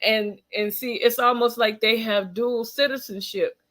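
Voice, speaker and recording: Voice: mid-range voice, fairly even intonation, unhurried, fairly bright tone. A tired vlogger giving opinionated commentary on news stories, reading out passages and then reacting emphatically, with frequent fillers and restarts. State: tired, yawning.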